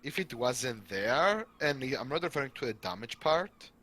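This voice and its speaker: A man's voice: mid-range voice, big pitch swings, moderate pace, bright, forceful tone. A man playing in a tabletop game who talks in an exasperated, dramatic way and swears often. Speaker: player. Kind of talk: casual chat at a tabletop game.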